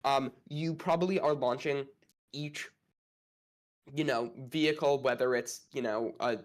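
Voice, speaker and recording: A man's voice: medium pitch, unhurried. A man arguing one side of a casual space debate, hedging and thinking aloud with many fillers.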